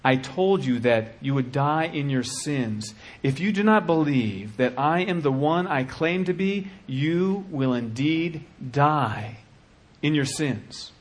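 Husky impassioned male preacher. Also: on the high side, animated, takes it slowly. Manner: impassioned, swings from hushed to shouting. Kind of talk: sermon.

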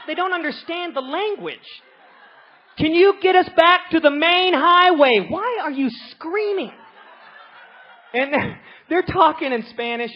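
A woman preaching a sermon, telling a story with animated swings from quiet to shouting. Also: fairly high pitch. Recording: slightly dull lo-fi recording.

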